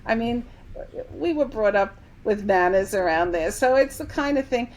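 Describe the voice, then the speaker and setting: A woman's voice: on the high side, normal speed, poor audio. A woman, a medium and company head, telling stories in a casual interview and acting out the dialogue. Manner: animated storyteller, acts out quoted dialogue. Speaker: medium and company CEO, podcast guest.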